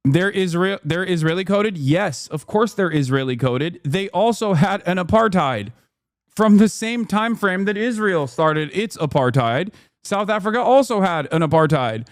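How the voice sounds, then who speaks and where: A man in his thirties ranting and reading aloud in a live-stream commentary, fast and sarcastic. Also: high voice, expressive, no room sound, studio quality. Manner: fast, heated, sarcastic rants. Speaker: streamer reacting to news clips.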